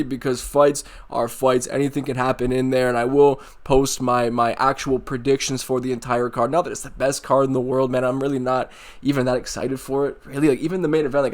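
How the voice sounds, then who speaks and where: A man hosting a casual MMA commentary video, mocking and sarcastic, swearing freely. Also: medium pitch.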